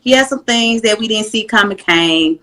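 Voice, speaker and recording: A woman guest on a casual talk show, telling stories in an animated, slangy, joking way. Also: mid-range voice, moderate pace, poor audio. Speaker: podcast guest. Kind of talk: casual interview chat.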